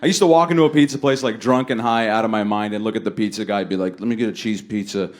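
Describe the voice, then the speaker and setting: A man doing a stand-up set on a comedy stage, talking in a laid-back way and jumping high and loud when he acts out other people. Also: steady tone, quick pace. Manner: laid-back delivery, jumps high and loud for acted quotes. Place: comedy stage before a laughing audience.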